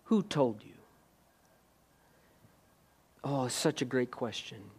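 A man preaching a sermon, questioning his listeners directly and moving between hushed and emphatic delivery. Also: mid-range voice, lively intonation, moderate pace, creaky, breathy edge. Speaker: pastor.

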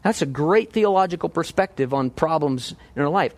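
A man preaching a verse-by-verse sermon in a conversational, animated way, often asking his listeners questions. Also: on the high side, normal speed, few pauses, no echo. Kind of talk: expository sermon.

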